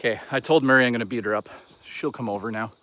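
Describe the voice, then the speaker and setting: A man's voice: mid-range voice, rapid-fire, sharp tone. A young man live-streaming as he walks outdoors in the woods, chatting in a crude, rambling, joking way. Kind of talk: casual live-stream chat while walking.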